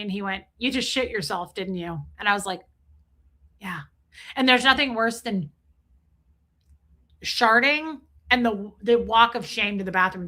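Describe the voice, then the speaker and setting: A woman in her forties hosting a live stream, chatting casually and crudely while reading viewer comments aloud. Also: on the high side. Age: 40s. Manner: crude, joking, animated, reads chat aloud. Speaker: livestream host reading chat.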